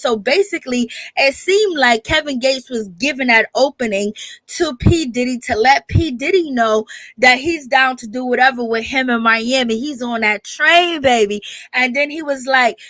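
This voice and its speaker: A chatty woman hosting a gossip livestream, her voice sitting a little high. She talks straight to her viewers, greeting them by name and calling them baby. The recording is dry and close, with no room sound. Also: moderate pace, a bit bright, dry recording. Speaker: gossip show host. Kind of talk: casual commentary livestream.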